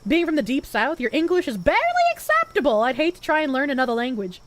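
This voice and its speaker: A young woman streaming live, chatting casually and thanking viewers, swinging from loud high squeals to low mutters. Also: big pitch swings, fast talker, very noisy. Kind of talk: casual live-stream chat reading donations.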